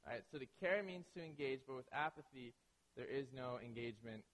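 Man, pastor, sermon, lively storyteller, acts out voices, long hall reverb. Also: mid-range voice, fairly quick. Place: large hall with an audience of about a hundred.

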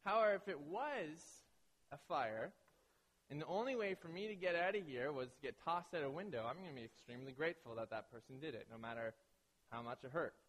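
A man preaching a sermon to a hall of about a hundred people, telling lively stories and acting out the voices of the people in them. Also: fairly high pitch, brisk. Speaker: pastor. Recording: echoey hall reverb.

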